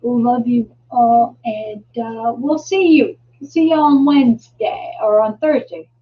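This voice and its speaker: Slow, high-voiced woman hosting a live stream. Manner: rambling, halting, many restarts and fillers. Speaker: host. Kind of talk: casual live-stream chat. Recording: distant mic, dull lo-fi sound.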